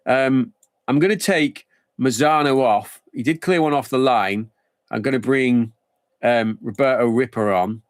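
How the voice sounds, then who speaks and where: A man's voice: mid-range voice, measured pace, no echo, studio quality. A man streaming a football management game live, thinking aloud in a rambling, casual way.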